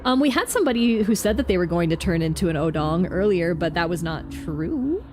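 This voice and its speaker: A woman streamer giving casual, excitable commentary as she plays a game, thinking aloud in a chatty way. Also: on the low side, a little fast.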